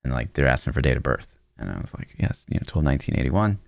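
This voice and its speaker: A man's voice: very deep voice, sing-song, quick pace, vocal fry, no room sound. A man in his thirties co-hosting a podcast, telling loose stories in casual chat and swearing freely. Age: 30s. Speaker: podcast co-host.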